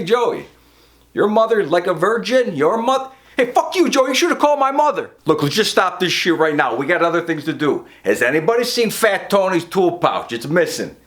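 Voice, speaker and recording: A man's voice: a little high, a bit bright. A brash, profane man, performing a comic monologue as a construction boss scolding his crew. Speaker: comedian playing a construction boss.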